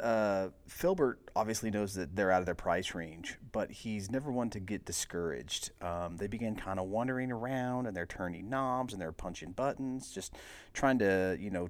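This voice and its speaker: A man hosting a podcast, casually recapping a movie scene by scene in a relaxed, rambling way, full of filler words. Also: deep voice, normal speed, no echo. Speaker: podcast host.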